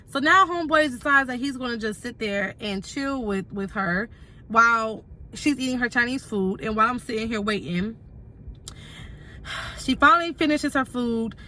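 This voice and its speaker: A young woman recounting a story to her viewers in an animated, repetitive way. She leans hard on emphatic asides. Her voice sits a little high, with a faint hiss behind it. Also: normal speed. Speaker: vlogger. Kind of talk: storytime vlog.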